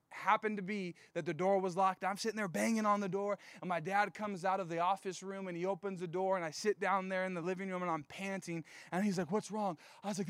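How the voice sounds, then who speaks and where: A young man gives a sermon as a chatty, animated story, leaning on "like" over and over. His voice sits high for a man. The sound is dry and close, with no room echo. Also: clear, resonant tone. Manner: casual, animated storytelling with many "like" fillers.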